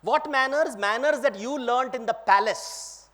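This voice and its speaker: Man as a calm, wise prince explaining. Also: very high-pitched, unhurried. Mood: earnest. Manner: earnest, questioning, explanatory. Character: calm wise prince teaching his brother.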